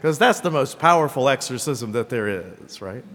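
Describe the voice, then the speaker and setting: Conversational priest in echoing church. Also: male voice, medium pitch, expressive, normal speed, hardly any pauses, fairly bright tone. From Greenville, South Carolina. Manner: conversational, often tags lines with "right?" and "okay?". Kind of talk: sermon. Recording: long church reverb.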